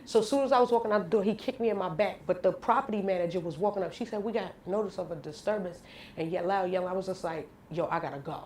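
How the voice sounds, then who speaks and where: A woman's voice: fairly low pitch, quick pace, darkish tone, echoey room, a little hiss or hum. A woman guest in a candid radio interview, telling a personal story bluntly and with slang.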